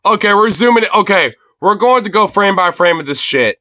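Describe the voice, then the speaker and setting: A man doing profane, excitable live reaction commentary as a streamer, laughing and often shouting. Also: sits high, a little fast, slight background noise.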